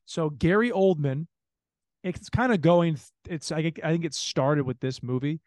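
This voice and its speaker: A man's voice: fairly high pitch, measured pace, a little mellow, no room sound. A man co-hosting a podcast, chatting casually and animatedly about a movie, swearing and mimicking the people he talks about. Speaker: podcast co-host.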